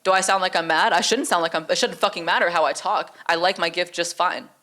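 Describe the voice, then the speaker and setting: A woman's voice: fairly low pitch, fast, pushed and bright. A woman co-hosting a podcast, arguing her side in a heated, emphatic way with frequent swearing. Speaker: podcast co-host. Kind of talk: casual podcast debate.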